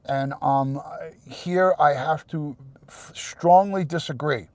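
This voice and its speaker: A middle-aged retired police detective, talking blunt and profane on a live stream, sometimes heated and shouting. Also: male voice, on the high side, slow pace, no room sound. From New York. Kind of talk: live stream rant to viewers.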